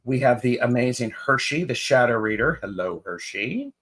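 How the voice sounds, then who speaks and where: A man's voice: medium pitch, expressive, normal speed, a bit bright. A man co-hosting a live tarot stream in casual chat, greeting viewers by name with fillers and restarts.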